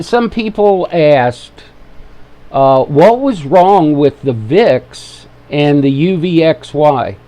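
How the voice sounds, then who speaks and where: A man's voice on the high side with a darkish tone. He's an Ohioan hosting a casual live trading webinar, joking easily with viewers while he gets his desk microphone set up, fiddling with its levels.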